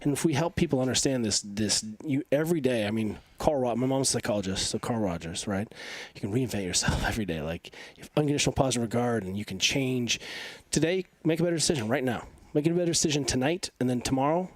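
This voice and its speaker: A man in his forties, stuffy from allergies, talking in an energetic, emphatic and rambling way as a podcast guest. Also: mid-range voice, fast talker, few pauses, dry recording. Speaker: podcast guest, coach and physical therapist. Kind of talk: casual interview talk.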